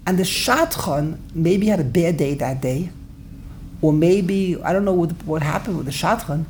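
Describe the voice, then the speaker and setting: Animated woman telling a lesson story. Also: fairly low pitch, normal speed, a little hiss or hum. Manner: animated, repeats herself, laughs while telling. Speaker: teacher leading a study class.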